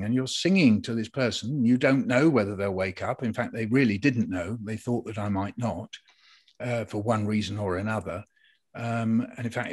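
An older man, a poet, telling a personal story in a reflective conversation, halting and restarting as he goes. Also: lowish voice, husky. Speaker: interviewee, poet.

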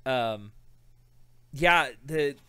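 A man co-hosting a casual film review chat, chiming in with quick reactions. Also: medium pitch, expressive, bright, forceful tone, clean tone, dry recording. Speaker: podcast co-host.

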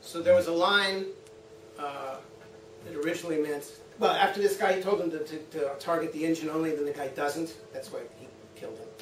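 A man giving a university talk, telling anecdotes with animated quoted voices and frequent laughter. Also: on the high side, a little fast. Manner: lively storytelling, acts out quotes, laughs often. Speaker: guest lecturer. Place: lecture room. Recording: roomy, from a distance, faint hum.

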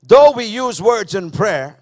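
A man's voice: high-pitched, big pitch swings, slow pace, darkish tone. A man preaching a sermon to his church, repeating key phrases and asking the congregation questions. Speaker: pastor. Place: church service.

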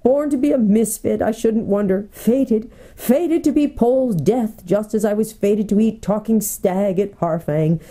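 A woman's voice: medium pitch, very animated, moderate pace, hardly any pauses, dark tone, pitched above the performer's own voice. A woman voicing a gloomy grown male marsh creature who talks in a glum, fatalistic way.

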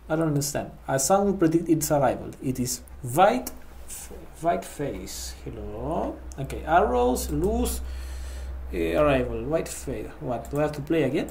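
A man's voice: on the high side, vocal fry, a little mellow, poor audio. A man with a mock Transylvanian vampire accent, playing a horror game, speaking broken English and jumping to panicky yelps. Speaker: horror game let's-player as vampire host. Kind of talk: gaming commentary.

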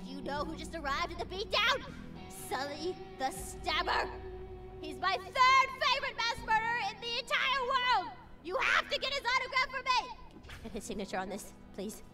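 A woman's voice: extremely high pitch, big pitch swings, moderate pace. An actress voicing a manic, gleeful teenage girl who squeals and begs theatrically. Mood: excited. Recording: game audio under music.

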